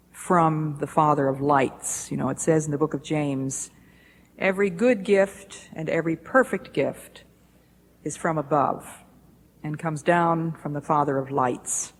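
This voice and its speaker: A woman giving a devotional talk in a measured, deliberate way, recorded in a lecture hall in the 1980s. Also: on the low side. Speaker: speaker at a Bible institute. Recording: echoey hall with faint hiss, 1980s.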